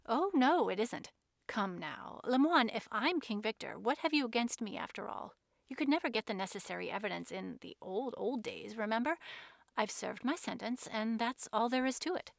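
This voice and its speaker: A woman voicing an unflappable, amused gentleman who talks lightly and teasingly. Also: fairly high pitch, lively intonation, moderate pace, gravelly, no room sound, studio quality.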